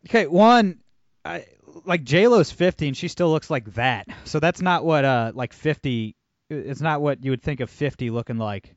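A man's voice: on the high side, animated, normal speed, dry recording. A man guesting on a podcast, talking in a sardonic, rambling way with lots of fillers. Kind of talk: casual chat. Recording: dry, dull lo-fi audio.

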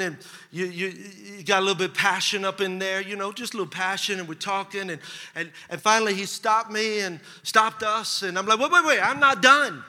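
A man preaching a sermon as pastor, telling a personal story with lively asides and humor. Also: high voice. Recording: large hall with long reverb.

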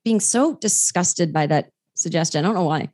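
Woman, podcast guest, comedian, lively storyteller, acts out quotes. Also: on the low side, normal speed, husky. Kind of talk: casual podcast chat.

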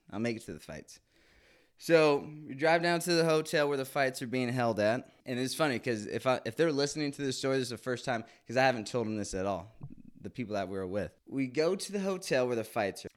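A man's voice: mid-range voice, a little fast. A man in his late twenties telling a candid, crude, comic story with lots of swearing in a casual monologue. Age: 20s. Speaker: podcast host.

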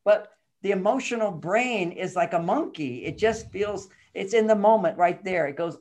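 An older man appears as a podcast guest, explaining relationships in casual chat at normal speed with few pauses. His voice sits high, and he tells stories animatedly, acting out the voices of the people in them.

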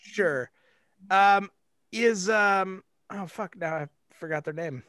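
A man's voice: high voice, takes it slowly, a bit bright, smooth, dry recording. A man hosting a podcast in casual chat, rambling with lots of fillers and frequent laughter. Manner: giggly, rambling with many fillers. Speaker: podcast host.

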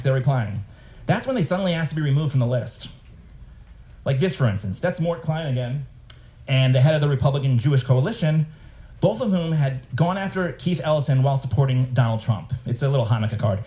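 A man's voice: on the high side, a little mellow. A man, a cartoonist, giving a live reading of his comics with sarcastic asides and mocking voices.

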